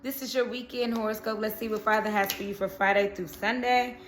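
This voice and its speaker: A woman's voice: mid-range voice, steady tone, brisk. A woman reading tarot cards in a casual chat, who keeps checking in with "okay?" and "you know". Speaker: tarot reader.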